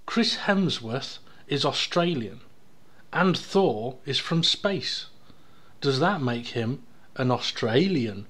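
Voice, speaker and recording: A man's voice: mid-range voice, animated, slow pace, a bit bright. A British man co-hosting a podcast, musing in loose, sweary casual chat with many "I mean"s. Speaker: podcast co-host.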